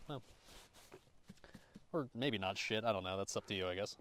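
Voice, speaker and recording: Young american dude streaming from a campsite, deep-ish voice, swears a lot, goofy and laid back. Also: male voice, brisk, darkish tone. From United States. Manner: loose, profane, joking, thanks chat subscribers. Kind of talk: casual camp-cooking livestream chat. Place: outdoor campground by a campfire.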